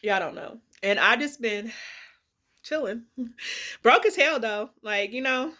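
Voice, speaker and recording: A woman's voice: on the high side, expressive, unhurried, pushed and bright. A woman in a candid, emotional personal vlog, tearful and rambling with many fillers, speaking. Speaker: vlogger.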